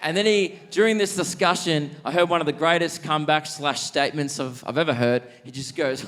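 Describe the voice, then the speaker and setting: A young man from Australia doing stand-up comedy, telling stories in a lively way and acting out the people in them. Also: on the high side, noisy background. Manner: animated, acts out characters with quick voice shifts. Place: large theatre stage.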